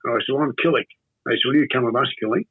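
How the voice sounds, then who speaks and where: An older man with an Australian accent, telling a long story in an interview in a rambling, halting way with many fillers and restarts. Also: medium pitch, slightly rough. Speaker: interview guest. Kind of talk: casual storytelling. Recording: tinny phone-like audio.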